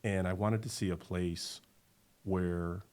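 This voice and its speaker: A middle-aged man, a winery owner, talking as a guest in a casual podcast conversation, an animated and emphatic storyteller. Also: deep voice, takes it slowly.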